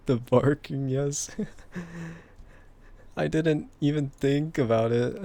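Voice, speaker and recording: A man with a husky, bassy voice chatting casually with stream viewers and laughing often between remarks. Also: animated, slow, long pauses, warm tone. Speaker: VTuber streamer.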